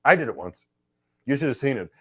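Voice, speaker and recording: Animated middle-aged man telling a story. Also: medium pitch, a little fast, husky. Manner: emphatic, animated storyteller who acts out exchanges. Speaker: host and cloud career trainer. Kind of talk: live Q&A with storytelling.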